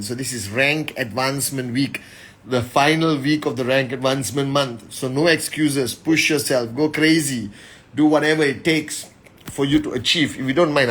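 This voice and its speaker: A man hosting a live stream, greeting viewers by name and giving a motivational talk in an energetic, casual way. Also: mid-range voice. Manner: energetic, reads names quickly, speaks directly to the audience. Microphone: phone.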